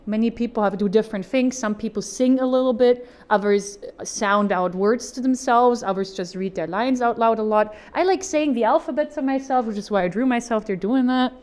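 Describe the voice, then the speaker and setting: A woman's voice: fairly high pitch, fairly quick, few pauses, darkish tone. A woman voice actor giving an informal how-to talk at a convention panel, chatty and upbeat with jokey asides.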